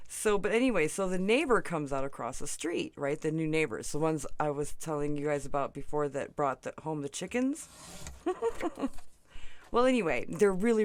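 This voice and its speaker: A crafting channel host chatting through a tutorial, rambling off on stories, often asking "right?" and laughing between sentences. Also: mid-range voice. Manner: rambling, tangents, frequent "right?" and "you know".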